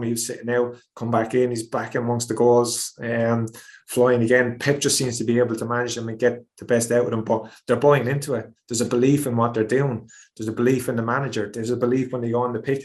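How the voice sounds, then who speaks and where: An Irish man and former footballer giving animated, repetitive football analysis on a podcast, acting out quotes as he goes. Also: mid-range voice. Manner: animated, repeats himself, acts out quotes. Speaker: former player, pundit.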